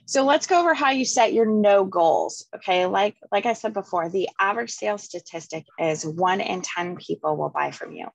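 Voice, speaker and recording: A woman real estate team leader coaching her agents, telling stories with lively acted-out quotes. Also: medium pitch, normal speed, vocal fry, few pauses, no room sound, low-quality recording. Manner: energetic storyteller, acts out voices. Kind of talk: coaching class, reading and storytelling.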